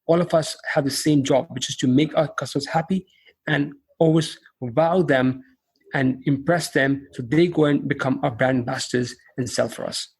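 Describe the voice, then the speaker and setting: A man speaking as a podcast guest about business. His voice is mid-pitched with a husky edge. He halts often, repeating words and restarting sentences as he works through his thoughts. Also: fairly even intonation, moderate pace. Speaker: podcast guest, company founder. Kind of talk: casual interview answers.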